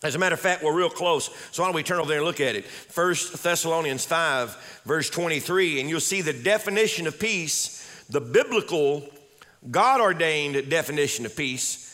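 A man's voice: fairly high pitch, lively intonation, normal speed, sharp tone. A male pastor preaching a sermon with emphatic delivery, repeating key words and calling on the congregation to respond.

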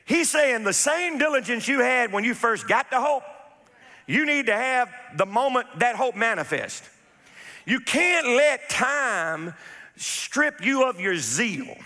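High, bright-voiced preacher in a reverberant hall. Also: male voice, lively intonation, takes it slowly. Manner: emphatic preaching with repetition and call-and-response. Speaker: pastor. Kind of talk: sermon.

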